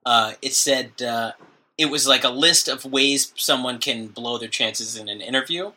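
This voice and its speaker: Male podcast co-host, very bright tone, joking casual banter, from New Jersey. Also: mid-range voice. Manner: joking, laughs often, does quick funny voices. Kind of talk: casual chat.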